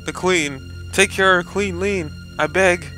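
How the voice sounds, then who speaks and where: A man's voice: high voice, steady tone, measured pace, pushed and bright, soft background music. A man voicing a noble, self-sacrificing male knight, reading his lines solemnly.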